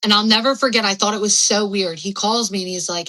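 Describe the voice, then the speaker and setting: A woman's voice: medium pitch, quick pace, few pauses, sharp tone, poor audio. A young adult woman telling her own story candidly as a podcast guest, rambling and frank with lots of fillers and swearing.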